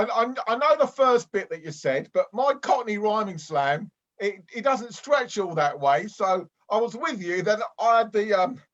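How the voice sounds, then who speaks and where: A man's voice: high-pitched, fairly bright tone, lo-fi sound. A man playing a rambling, lonely amateur boxer. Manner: hesitant and rambling, full of restarts. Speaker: improv performer. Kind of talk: improvised comedy sketch.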